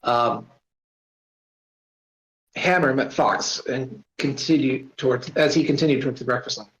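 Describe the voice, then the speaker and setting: A man's voice: medium pitch, measured pace, a bit bright. A man reading his own story aloud, casual, stopping to add asides and apologies. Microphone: voice-chat mic. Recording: roomy, dull voice-chat audio.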